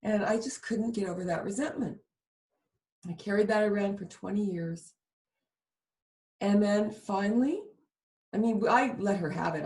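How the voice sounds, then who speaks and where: A woman's voice: medium pitch, a little mellow. Woman host spilling a personal story, lots of feeling, roomy echo on the mic. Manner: emotional, vivid confessional storytelling. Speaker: show host. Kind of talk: candid storytelling chat.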